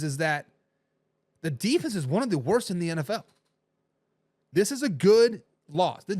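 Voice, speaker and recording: High-voiced animated sports show host. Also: male voice, no room sound. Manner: animated, rambling, speaks straight to viewers. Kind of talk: casual sports commentary.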